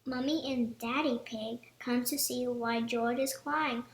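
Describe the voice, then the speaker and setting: A woman reading a children's picture book aloud in a gentle, measured storytelling manner. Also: fairly high pitch, fairly even intonation. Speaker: storybook reader. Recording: roomy echoey room.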